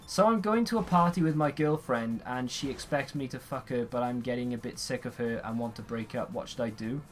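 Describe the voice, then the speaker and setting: A man's voice: mid-range voice, brisk. Rambling, sarcastic young man. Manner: rambling, sarcastic, yawning, swears freely. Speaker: gaming streamer answering viewer questions. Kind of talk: casual chat while playing a game. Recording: faint background noise.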